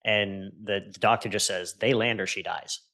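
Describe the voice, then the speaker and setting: Man, lowish voice, earnest and intense, emotional storytelling, podcast guest, goes quiet on quoted lines. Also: steady tone, normal speed. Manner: earnest and intense, voice dropping low and soft on quoted words. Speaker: podcast guest, entrepreneur and coach. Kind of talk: emotional personal storytelling in conversation.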